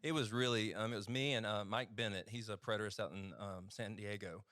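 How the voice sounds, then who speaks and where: A man's voice: lowish voice, fairly even intonation, brisk, fairly bright tone. A man with an East Texas accent, a physician guest telling a story in a rambling, chatty way with easy laughter. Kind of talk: casual storytelling testimony.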